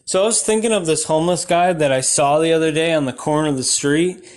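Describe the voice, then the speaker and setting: A man doing rambling, absurd stand-up comedy in a deadpan way, breaking into sudden shouted outbursts. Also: fairly high pitch, fast talker.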